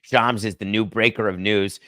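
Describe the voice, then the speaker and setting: A man's voice: fairly even intonation, normal speed, fairly bright tone, dry recording, clean studio sound. A man hosting a solo sports talk show, chatty and wry, drifting between topics and lifting his voice for emphasis. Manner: chatty, wry and digressive, with sudden lifts in pitch for emphasis. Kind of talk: solo sports podcast monologue.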